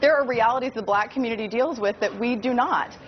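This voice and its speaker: A woman's voice: fairly high pitch, fast. A woman earnestly explaining her view as a guest in a cable news debate. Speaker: political commentator guest. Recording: slightly dull broadcast audio with faint noise.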